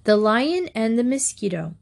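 A woman storyteller reading short fables aloud in a measured, deliberate way. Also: a little high, very animated, creaky.

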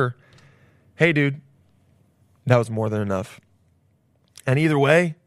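A man's voice: medium pitch, creaky, dry recording, studio quality. A young man hosting a solo podcast, rambling loosely and jokily with plenty of swearing. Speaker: podcast host. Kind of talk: casual solo podcast chat.

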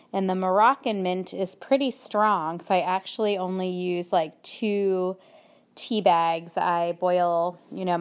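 A woman hosting a podcast in a casual, chatty way, her voice a little hoarse from a cold. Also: lowish voice. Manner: chatty, filler-heavy, unhurried. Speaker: podcast host.

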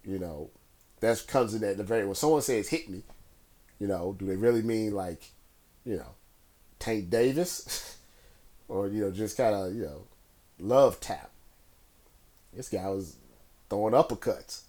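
Alone and unhurried, a man with a fairly low voice muses on the news, leaving long pauses between thoughts. The talk wanders loosely, peppered with filler words and false starts.

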